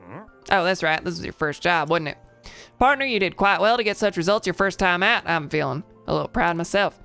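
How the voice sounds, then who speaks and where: A woman's voice: fairly low pitch, animated, brisk, gravelly, fairly bright tone, soft background music. A woman voicing a chipper male bird reporter from a video game, with a put-on southern drawl and a folksy manner. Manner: folksy, upbeat, calls you partner. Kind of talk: reading game dialogue aloud.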